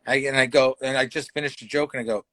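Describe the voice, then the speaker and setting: A man's voice: mid-range voice, fairly even intonation, quick pace, a bit bright, no room sound. A man from Canada, a comedian guest, telling a rambling, profane story in casual chat and acting out the quotes heatedly. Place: livestream talk show.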